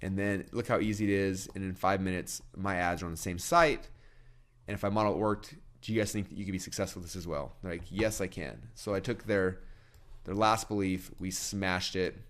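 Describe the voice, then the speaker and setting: A man gives a sales training talk to an audience in a rapid-fire, energetic delivery. His voice sits on the low side, and he keeps restarting sentences as he rushes ahead. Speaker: marketing trainer.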